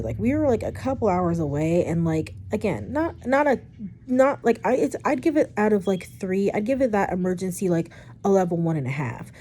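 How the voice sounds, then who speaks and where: A young woman casually retelling a personal story for her vlog, chatty and rambling, with frequent swearing and animated asides. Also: mid-range voice, moderate pace, slight background noise. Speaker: storytime vlogger.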